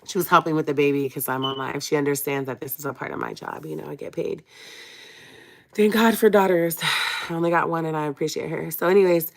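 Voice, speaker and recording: A woman's voice: sits low, steady tone, a little fast, vocal fry. A young woman telling a personal story on a livestream, emotional and confiding, speaking straight to her viewers. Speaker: vlogger on a live stream.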